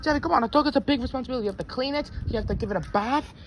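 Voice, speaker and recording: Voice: sits high, rapid-fire, a little hiss or hum. A performer voicing a fussy, worried caretaker who nags and scolds in a puppet comedy skit. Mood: lecturing. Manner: nagging and exasperated.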